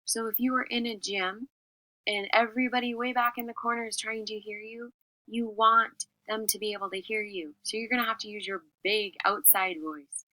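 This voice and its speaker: Bright, crisp teacher woman. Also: a little high, normal speed, no room sound, low-quality recording. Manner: clear, expressive, emphatic delivery. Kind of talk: classroom lesson on public speaking.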